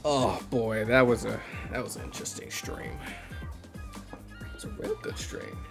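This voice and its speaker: A man's voice: mid-range voice, a little slow, creaky. A man hosting a casual live stream, playful and self-mocking, laughing often. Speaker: streamer host. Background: background music.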